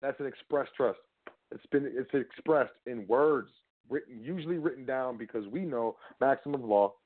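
A man's voice: medium pitch, normal speed. Man on a tinny phone-like line. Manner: rambling, rhetorical, talks to the listener directly. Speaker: trust law educator. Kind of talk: casual explanatory lecture. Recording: phone-like narrow audio.

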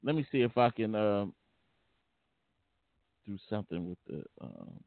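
A man's voice: fairly low pitch, wildly swooping pitch, vocal fry, no room sound. Man hosting a call-in show on a tinny line. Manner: halting, repeats words, laughs often. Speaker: talk show host. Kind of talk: casual call-in show banter. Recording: tinny phone-like line, dry.

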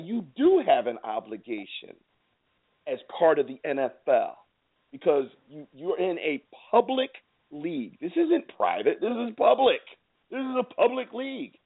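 A man's voice: fairly high pitch, husky. A man hosting a sports show, ranting in a heated, repetitive and emphatic way. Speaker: show host. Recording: tinny phone-like sound.

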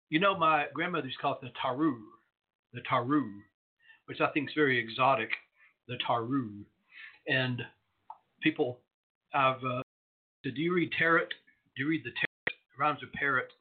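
A man hosting an internet radio show, chatting in a rambling, digressive way with lots of fillers. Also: medium pitch. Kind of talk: casual solo radio talk. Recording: tinny phone-line audio.

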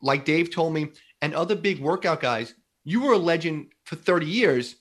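A man's voice: on the high side, lively intonation, moderate pace. A man hosting a podcast, asking long rambling questions in a chatty, joking way. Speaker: podcast host. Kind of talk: casual interview.

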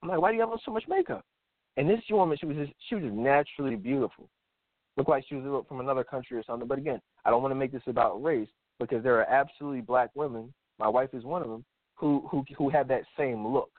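A blunt, animated man hosts a call-in radio show, giving his opinions and acting out the people in his stories. His voice sits at an ordinary middle pitch. It comes through a tinny, dry phone line. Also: quick pace, no echo.

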